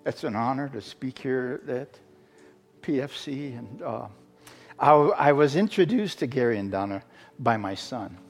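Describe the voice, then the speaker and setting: A middle-aged man from Arizona, a guest preacher telling a story as a sermon testimony, halting, with many fillers and restarts. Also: mid-range voice, expressive. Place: church sanctuary. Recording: long hall reverb with faint music.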